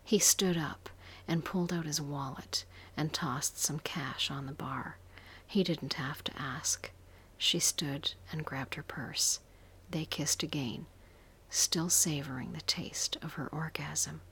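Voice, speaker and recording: Slow breathy whispering woman. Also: low voice. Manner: soft unvoiced whisper throughout. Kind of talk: whispered story narration.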